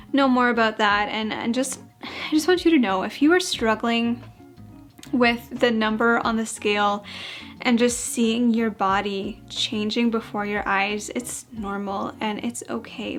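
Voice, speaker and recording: A woman's voice: a little high, a bit bright. A young woman vlogger talking candidly about her pregnancy, a little out of breath, chatty and open with small fillers and laughs. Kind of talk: casual pregnancy update vlog.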